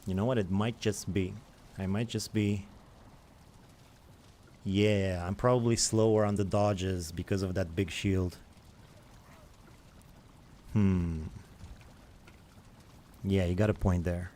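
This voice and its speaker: A man's voice: low voice, fairly even intonation, slow, pauses often, dark tone, slight background noise. A man giving rambling, self-mocking commentary while he plays a survival game and answers chat. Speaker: gaming streamer. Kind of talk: casual let's-play commentary.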